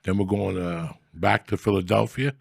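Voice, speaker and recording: A middle-aged man hosting a podcast, talking in a rambling, profane, mock-gruff comic style. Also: sits low, steady tone, normal speed, dry recording, studio quality. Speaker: podcast host. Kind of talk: casual comedic rant.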